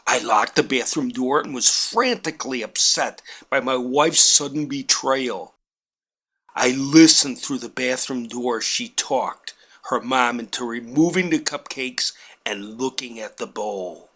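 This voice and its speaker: A man's voice: mid-range voice, a little slow, fairly bright tone. A man telling a comic personal story in a wry, self-mocking, exaggerated way. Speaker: painting instructor telling a family story.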